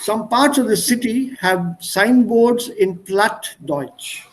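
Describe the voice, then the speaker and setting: High-voiced man with an Indian accent teaching. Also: takes it slowly, a little hiss or hum, poor audio. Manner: explains German words with English synonyms, code-switches into Hindi. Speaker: German teacher. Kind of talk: online language class. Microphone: video call.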